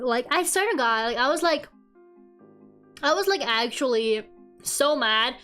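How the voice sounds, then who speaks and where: A young woman streamer telling a story in a casual, animated rant, swearing and laughing along the way. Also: sits high, measured pace. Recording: faint music behind.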